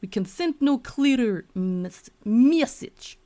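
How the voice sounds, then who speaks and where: A woman voicing a stern female soldier with slow, solemn delivery over game music. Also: extremely high pitch, big pitch swings, pitched above the performer's own voice, heavily acted. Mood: grave.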